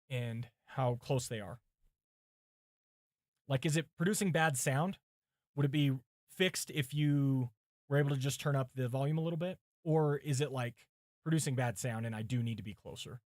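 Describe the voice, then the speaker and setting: Pastor, man, mid-pitched, reads study notes aloud and muses between them on a dry, close-sounding track. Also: dry recording. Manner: thinking aloud, chatting with viewers between readings. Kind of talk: livestream sermon prep, reading commentaries aloud. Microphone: mic set far from him.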